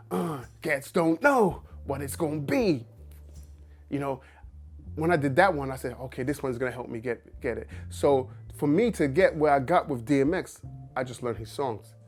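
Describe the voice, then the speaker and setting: A man who works as an actor, talking casually to the camera and breaking off into quoted asides and restarts. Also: medium pitch.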